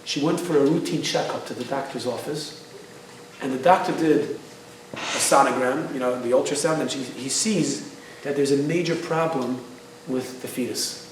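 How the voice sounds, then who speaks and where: A man speaking as an Israeli father, calmly retelling his family's story in his own everyday voice. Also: mid-range voice, moderate pace, slight background noise, close to an everyday voice. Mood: earnest. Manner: plain conversational quoting. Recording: echoey hall, distant mic.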